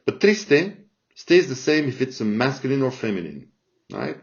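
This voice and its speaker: A man's voice: mid-range voice, wildly swooping pitch, normal speed. A man teaching a language lesson, speaking patiently and often checking in with "all right?" after each example. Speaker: Spanish teacher. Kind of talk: slow spoken language lesson. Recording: dull lo-fi recording.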